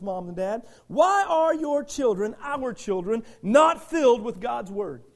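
A male pastor preaching a sermon with passion, firing rhetorical questions at the congregation and swinging from shouts to quiet asides. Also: very high-pitched, sing-song, moderate pace, vocal fry, hardly any pauses.

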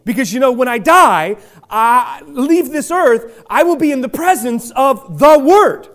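High-pitched guy preaching a sermon, lots of and-and restarts, gets loud and shouty. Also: lively intonation, a little slow. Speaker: pastor.

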